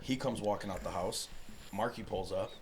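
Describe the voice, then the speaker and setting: Low-voiced man telling stories. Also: normal speed, background noise. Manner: profane, animated storyteller. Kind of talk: casual podcast chat.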